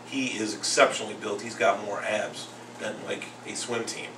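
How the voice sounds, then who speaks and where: A man's voice: on the low side, normal speed. Man hosting a boxing show, roomy echo. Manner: animated storyteller, acts out quotes. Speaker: podcast host and second grade teacher. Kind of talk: casual boxing talk. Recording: roomy echo, far from the mic, faint noise.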